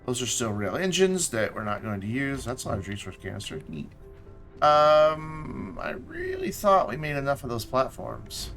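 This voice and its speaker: His pitch swoops wildly around a medium center as this man plays a game live at a moderate pace, his tone fairly bright over faint background music. The commentary is chatty and casual: he talks to himself and to things in the game, thinking aloud with mumbles and repetitions.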